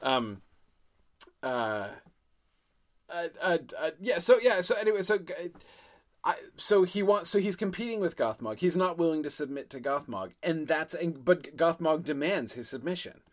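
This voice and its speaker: A man's voice: fairly high pitch, expressive, normal speed, no room sound, studio quality. A man co-hosting a casual discussion, thinking aloud in long rambling runs full of fillers and restarts. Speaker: podcast co-host.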